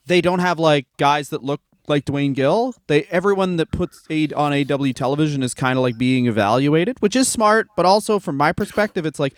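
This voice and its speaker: A young man co-hosting a comedy podcast, riffing in a jokey, profane, animated way. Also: on the high side, a little fast, hardly any pauses, no echo, studio quality. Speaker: podcast co-host. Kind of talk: casual comedic chat.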